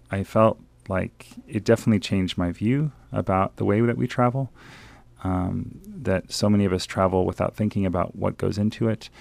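A man reads an excerpt from his travel memoir as a radio guest. His voice sits very low with a gravelly edge, and he tells the story in an earnest, measured way. The sound is close and dry. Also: darkish tone, no room sound. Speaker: author guest. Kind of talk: reading his own travel memoir aloud.

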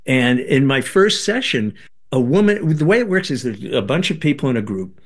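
An older man, a guest on an interview show, telling a personal story in a lively way and acting out the voices he quotes. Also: medium pitch, normal speed. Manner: animated, acts out quoted voices. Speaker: guest, former band member and author.

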